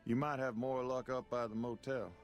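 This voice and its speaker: A man voicing a folksy small-town local in a video game, speaking in a slow Southern drawl at an ordinary middle pitch. Faint music plays under the game audio. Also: level tone, natural voice. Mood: matter-of-fact. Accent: American Southern. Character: folksy rural townsman Dusty, wary of strangers.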